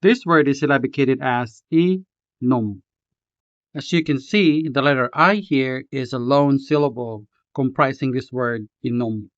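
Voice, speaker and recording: A man teaching a language lesson, reading a script slowly and carefully, spelling out each syllable. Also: medium pitch, no room sound, muffled recording. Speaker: language tutor.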